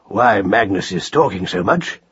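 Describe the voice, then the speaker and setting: A man's voice: lowish voice, animated, a little slow, fairly bright tone, husky, voice pushed down, exaggerated voice. A man voicing a kindly, plain-spoken rabbit uncle who mutters dry translations, on a dull lo-fi recording.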